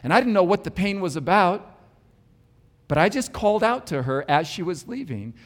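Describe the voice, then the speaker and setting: A man's voice: high-pitched, animated, moderate pace. A man preaching, telling a personal story with an earnest, wry and self-deprecating manner. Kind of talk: sermon storytelling. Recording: long hall reverb.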